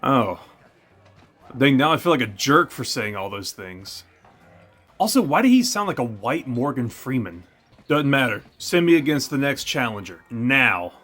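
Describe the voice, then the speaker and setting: A man's voice: medium pitch, very animated, a little slow, fairly bright tone, faint music behind. A young man hosting a let's play, joking and trash-talking over the gameplay. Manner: jokey, trash-talking, puts on silly voices.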